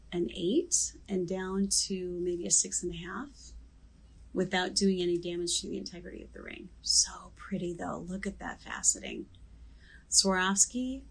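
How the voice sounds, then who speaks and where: Husky-voiced middle-aged woman selling jewelry. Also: mid-range voice, rough recording. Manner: chatty, joking, detailed product talk. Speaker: jewelry sales host. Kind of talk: live online sales show.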